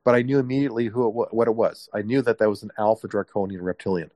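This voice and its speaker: A man with a low-pitched voice talks through a long personal story in a loose, chatty manner. He acts out what people said, lifting his voice for the quotes. The sound is close and dry. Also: very fast, no room sound. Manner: animated, acts out quotes with raised voice. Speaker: guest. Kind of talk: casual storytelling.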